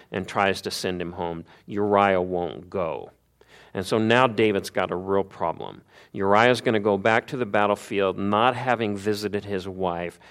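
Earnest lower-voiced man preaching. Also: smooth. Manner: earnest, rhetorical questions, dips low at phrase ends. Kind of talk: sermon retelling a Bible story.

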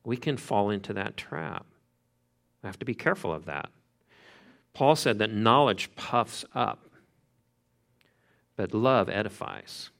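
A pastor preaching an expository sermon in a conversational, emphatic way, repeating key phrases. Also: male voice, fairly low pitch, animated, unhurried, creaky, long pauses, fairly bright tone.

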